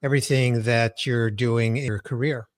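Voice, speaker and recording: A man's voice: mid-range voice, fairly even intonation, normal speed, dry recording, studio quality. A man hosting a podcast interview, asking probing questions in an encouraging, conversational way. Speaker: podcast host.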